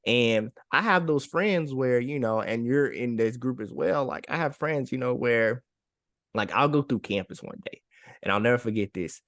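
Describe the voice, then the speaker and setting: A man's voice: medium pitch, animated, moderate pace, fairly bright tone, no room sound, clean studio sound. A man co-hosting a podcast, speaking in an encouraging way and repeating phrases for emphasis. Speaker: podcast co-host. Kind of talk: casual heartfelt chat.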